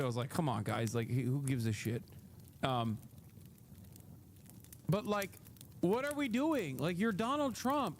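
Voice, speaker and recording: A man's voice: sits high, a little hiss or hum. A man hosting a livestream, giving casual commentary in a heated, profane rant, often laughing. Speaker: livestream host.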